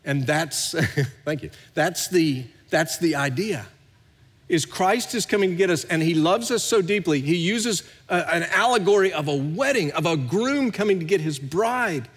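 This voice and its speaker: A middle-aged pastor preaching a sermon, swinging between hushed and loud, recorded in a large church hall. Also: male voice, on the high side, expressive, moderate pace, husky. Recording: long hall reverb.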